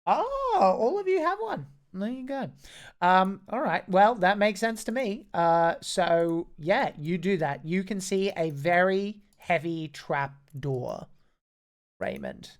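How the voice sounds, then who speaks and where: A woman's voice: medium pitch, lively intonation, slow. A woman running a tabletop game as game master, chatty and easygoing, with many fillers. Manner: chatty, hesitant with fillers, laughs easily.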